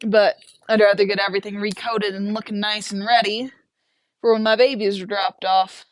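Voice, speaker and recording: A woman's voice: mid-range voice, level tone, normal speed, no echo. A young woman chatting casually and rambling while working outside a barn, laughing often. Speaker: homesteader and livestream host. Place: outdoors by a barn.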